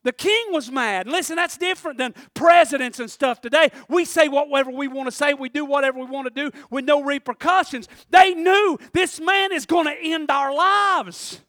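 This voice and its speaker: A man preaching with fire in a drawl, his voice sitting unusually high and ringing bright and forceful. He swings from low, hushed asides to loud shouted calls to the congregation. The sound is dry and close. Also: normal speed, hardly any pauses, no echo. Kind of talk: sermon.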